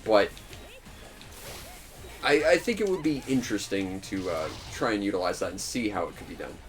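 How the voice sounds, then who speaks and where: A man's voice: fairly low pitch, animated, normal speed, soft background music. A young man hosting a casual gaming video, rambling and laughing often. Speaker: let's play host.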